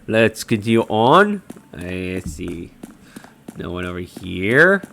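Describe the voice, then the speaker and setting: A man playing a video game and chatting through it casually, reading the on-screen dialogue aloud in an animated way, with game music underneath. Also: low voice, slow, creaky, slight background noise. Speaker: let's play gamer. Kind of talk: casual gameplay commentary.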